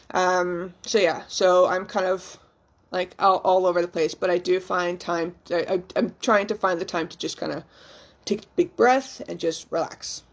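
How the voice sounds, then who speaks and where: A young woman vlogging as a new mother, talking candidly and emotionally, rambling with frequent ums and casual swearing. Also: on the low side. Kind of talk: casual, candid vlog chat.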